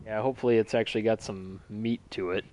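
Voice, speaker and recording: A man in casual conversation about video games, relaxed and rambling with lots of fillers. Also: on the low side, fast, a little hiss or hum.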